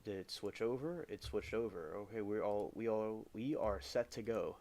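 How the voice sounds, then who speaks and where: A man chatting casually on a gaming livestream from home, rambling with halting restarts as he talks over his game. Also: fairly low pitch, mellow. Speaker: live streamer.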